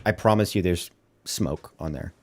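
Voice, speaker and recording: Deep-voiced man muttering stream asides. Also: moderate pace, background noise. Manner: offhand, profane, muttering asides. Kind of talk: casual stream commentary.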